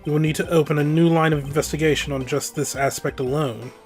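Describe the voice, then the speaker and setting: A game player voicing a stern, formal male prosecutor in a put-on British accent, reading game dialogue with soft music behind. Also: mid-range voice, steady tone, close to an everyday voice. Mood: composed. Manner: measured, formal, deliberate delivery. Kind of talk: let's-play voice acting of game text.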